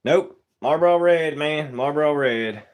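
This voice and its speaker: A young man with a slightly high voice talks casually on a live stream while he works as a taxidermist. He is laid-back and greets viewers one by one, with loose, easygoing grammar. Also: measured pace.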